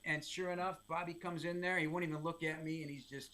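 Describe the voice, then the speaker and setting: A middle-aged man, a sports play-by-play announcer, telling stories as a guest in casual podcast chat. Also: fairly high pitch. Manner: lively storyteller, quick asides.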